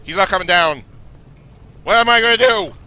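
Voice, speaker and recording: A man's voice: high-pitched, animated, moderate pace, sharp tone, smooth. A young man from Canada commentating a horror game, nervously talking to himself, his voice a little worn. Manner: nervous, jittery, talks to himself. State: losing his voice. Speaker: let's play gamer.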